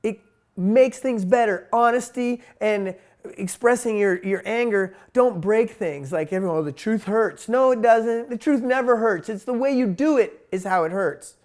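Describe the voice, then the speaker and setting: A man's voice: high voice, moderate pace, darkish tone. Blunt, emphatic man swearing freely. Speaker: spiritual teacher. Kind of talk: monologue talk.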